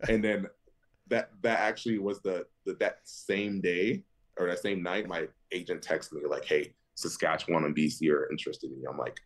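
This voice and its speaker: A man in his thirties, a football linebacker, telling animated stories as a podcast guest, often laughing and jumping high in pitch when quoting others. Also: moderate pace. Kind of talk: animated storytelling.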